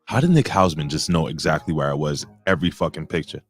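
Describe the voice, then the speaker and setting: A man's voice: very deep voice, expressive, fast, faint music behind. A man hosting a casual wrestling podcast, cracking profane jokes and introducing chat friends like a ring announcer. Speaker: podcast host.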